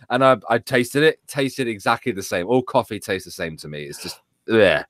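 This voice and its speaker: A man's voice: on the low side, lively intonation, moderate pace, a bit bright, no echo, studio quality. A young British man chatting casually as co-host, stammering and jokey. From Britain. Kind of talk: casual chat.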